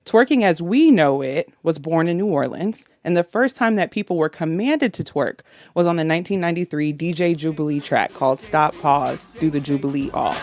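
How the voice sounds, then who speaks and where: A woman's voice: deep voice, expressive, a little fast, hardly any pauses, darkish tone. A woman making her case on a podcast with a confident, playful, conversational manner. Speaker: writer and debate guest. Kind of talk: casual podcast pitch.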